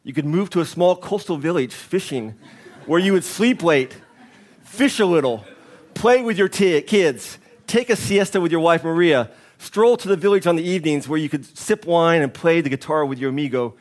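A preacher puts on a pushy businessman pitching big plans. He lectures with eager salesmanship and sits a little higher in his voice, an ordinary reading voice with no heavy disguise. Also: expressive, normal speed, lightly acted. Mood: smug. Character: pushy male business school graduate.

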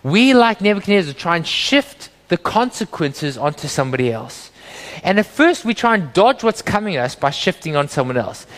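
High-voiced preacher in a reverberant hall. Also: male voice, normal speed. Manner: earnest, animated preaching with quoted voices. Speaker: pastor. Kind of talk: sermon.

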